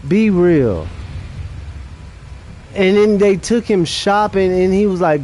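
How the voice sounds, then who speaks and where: A man's voice: high-pitched, slow pace, darkish tone, a little hiss or hum. A young adult man streaming a game late at night, chatting casually in a rambling, profane way with restarts.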